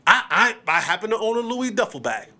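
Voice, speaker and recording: A man hosting a solo sports podcast, talking in an animated, emphatic way and often repeating words as he builds his points. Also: high-pitched, fairly quick.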